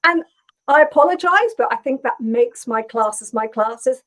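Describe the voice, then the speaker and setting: A woman's voice: fairly high pitch, expressive, measured pace, a bit bright, low-quality recording. Chatty English woman with a Norfolk lilt. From England, Norfolk. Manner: chatty, thoughtful, many ums. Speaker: textile artist guest. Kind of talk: casual video call interview.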